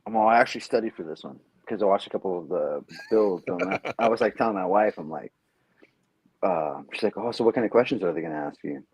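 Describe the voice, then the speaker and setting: A man chatting as a podcast guest, telling stories with lively acted-out quotes. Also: sits low, fast, breathy edge, rough recording. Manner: animated storyteller, acts out quotes. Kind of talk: casual podcast chat.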